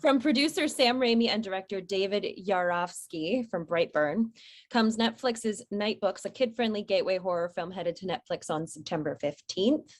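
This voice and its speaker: A woman's voice: mid-range voice, moderate pace. A woman presenting horror news headlines on a podcast, reading items and adding casual asides. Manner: reads headlines with chatty asides.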